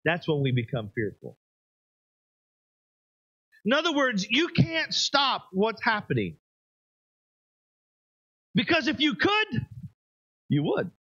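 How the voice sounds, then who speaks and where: A man preaching an evening sermon, emphatic, pushing his voice up high for stress and dropping it low and quiet. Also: wildly swooping pitch, slow, long pauses, breathy edge, dry recording, lo-fi sound. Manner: emphatic, rises and drops sharply for effect. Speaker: pastor.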